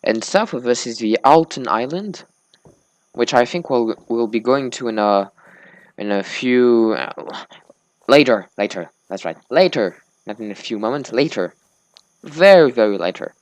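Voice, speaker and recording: A drowsy man chats his way through a gameplay session, his words a little slurred as he drifts into small talk. His voice sits at an ordinary middle pitch, and the sound is close and dry. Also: animated, measured pace, no room sound. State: sleepy. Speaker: gaming let's-play host. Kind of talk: casual gameplay commentary.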